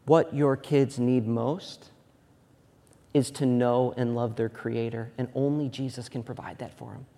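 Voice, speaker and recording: A man in his thirties preaching a sermon as a pastor, moving between loud emphatic preaching and quiet, hushed storytelling. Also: medium pitch, steady tone, measured pace, gravelly, long reverb tail. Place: church sanctuary.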